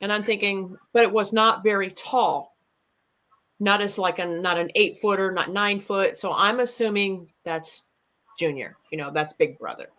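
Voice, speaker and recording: A woman's voice: medium pitch, a little slow, fairly bright tone, low-quality recording. A woman guest earnestly recounting an outdoor encounter in a casual, rambling way. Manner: earnest, rambling, with fillers and restarts.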